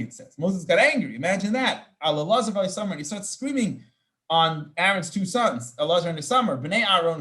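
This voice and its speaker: Rabbi explaining scripture in a fairly high voice. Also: male voice, a bit bright. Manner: explanatory, sprinkles Hebrew terms, frequent restarts. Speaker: rabbi teaching Torah. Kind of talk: informal Torah class.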